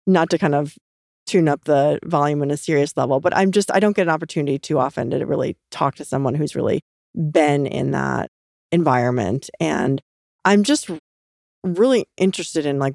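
A woman hosting a podcast asks questions in a curious, halting way. Her voice sits low with a gravelly edge, and the recording is dry and close. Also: a little mellow, dry recording. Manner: curious, hesitant phrasing. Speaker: podcast host. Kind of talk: casual interview questions.

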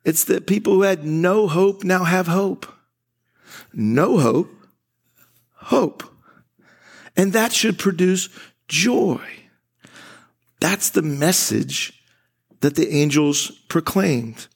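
A man preaching at a church service, talking slowly and casually. His voice sits a bit high and has a gravelly edge. He often stumbles over his opening words and starts his sentences again. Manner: conversational, laughing often, acting out quoted voices; frequent restarts and stammered starts. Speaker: pastor. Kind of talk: sermon.

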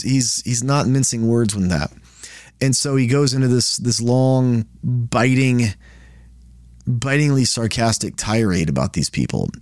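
A man's voice: mid-range voice, darkish tone, no echo, studio quality. A man hosting a Bible study, teaching in a conversational way and often restarting phrases as he explains. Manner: conversational, restarts and repeats words while explaining.

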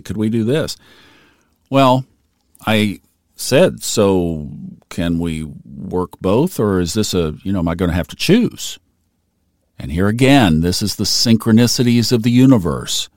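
Middle-aged man, low-pitched, earnest reflective storyteller, dry close sound. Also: a little mellow, dry recording. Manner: earnest, conversational, emotional at times. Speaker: storyteller recalling his career.

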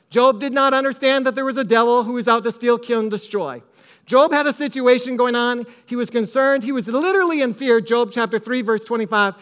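A male pastor preaching a sermon with emphatic repetition, quoting scripture and telling a family story, sometimes dropping almost to a hush. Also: extremely high pitch.

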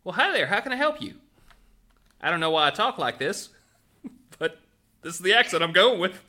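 A man's voice: high voice, very animated, normal speed, pushed and bright, pitched above the performer's own voice, full character voice. A man voicing a tall, thin, friendly male elf shopkeeper with an odd, sing-song put-on accent. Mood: chirpy.

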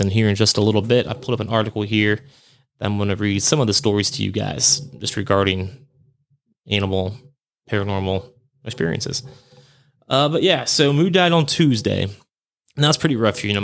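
A man's voice: fairly low pitch, gravelly. A man hosting a podcast, telling a personal ghost story in a rambling, self-correcting way and chuckling at himself. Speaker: podcast host. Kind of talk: casual storytelling monologue.

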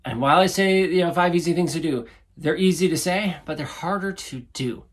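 Earnest husky-voiced man giving advice. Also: fairly quick. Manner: earnest, repeats points for emphasis; animated, acts out quoted speech in a higher voice. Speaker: relationship advice host. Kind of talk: casual advice monologue.

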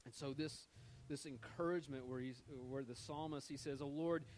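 A man's voice: medium pitch, steady tone, normal speed, low-quality recording. A man preaching a sermon in a conversational way, often repeating words as he searches for the next phrase. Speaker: pastor.

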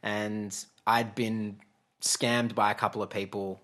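Male guest, 30s, lowish voice, chatty storyteller with lots of ums and restarts. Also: little pitch movement, slow pace, a bit bright. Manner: chatty, laughing, frequent fillers and restarts. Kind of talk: casual storytelling interview.

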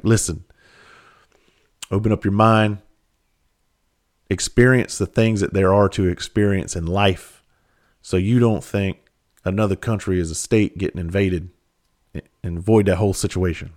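Man, very low voice, casual storytelling, loose and profane, fillers. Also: darkish tone. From South Carolina. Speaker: comedian and speaker.

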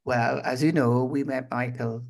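A man's voice: medium pitch, fairly even intonation, a little slow, creaky. A man co-hosting a podcast, chatting casually with teasing, mock-formal interjections. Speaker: podcast co-host. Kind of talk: casual chat.

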